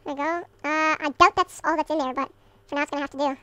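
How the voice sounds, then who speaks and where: A man's casual gameplay commentary sped up into a chipmunk voice, chattering with excited outbursts. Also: very high-pitched, fast talker, voice pushed up, exaggerated voice.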